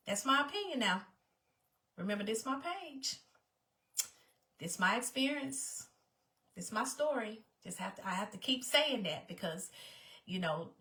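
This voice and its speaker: A woman's voice: medium pitch, moderate pace, pushed and bright. A woman vlogger talking personally to her viewers in an emphatic way, often repeating her phrases. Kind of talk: personal talk to camera.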